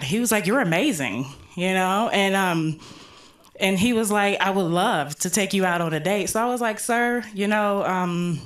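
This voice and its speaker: Rambling woman comedian with a lowish voice. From Colorado, US. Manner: relaxed, rambling, frequent ums and you-knows. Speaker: stand-up comedian. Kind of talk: stand-up storytelling. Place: recording studio.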